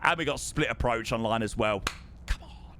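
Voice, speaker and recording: A man streaming live over a flight simulator, effusive and excitable, thanking his chat again and again. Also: mid-range voice, fairly quick, slight background noise. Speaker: livestreamer.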